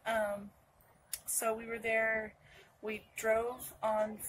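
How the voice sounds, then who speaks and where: A woman's voice: fairly high pitch, monotone, extremely slow, fairly bright tone, a little hiss or hum, rough recording. A young woman from Northern California telling a personal story to camera in a rambling way, full of restarts and asides. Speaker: vlogger.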